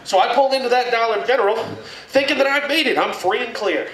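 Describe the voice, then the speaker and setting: A man performing a crude, animated stand-up comedy set in a packed club. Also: very high-pitched, fast, recorded from a distance. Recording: echoey room mic'd from afar, loud crowd laughter.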